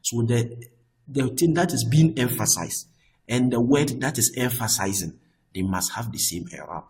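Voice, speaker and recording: A man teaching Arabic grammar, often repeating himself and checking with "I hope that is clear.". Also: medium pitch, animated, normal speed, a little mellow, rough recording. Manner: restarts and repeats words often. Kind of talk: explaining Arabic grammar on screen.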